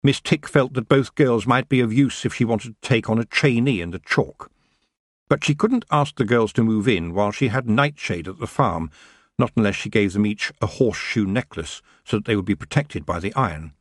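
A man narrating a fantasy audiobook in a lively storytelling manner. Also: fairly low pitch, moderate pace, no room sound, clean studio sound. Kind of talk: scripted narration.

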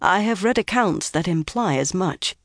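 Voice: mid-range voice, animated, normal speed, a bit bright, no room sound, studio quality. An audiobook narrator voicing an elegant woman with a fiery temper. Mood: murmuring.

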